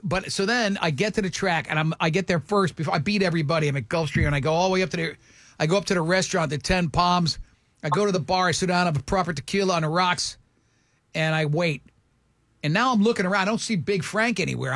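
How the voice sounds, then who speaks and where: A man hosting a morning radio show, telling a rambling, self-mocking story in a casual, animated way. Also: high voice, quick pace, no echo.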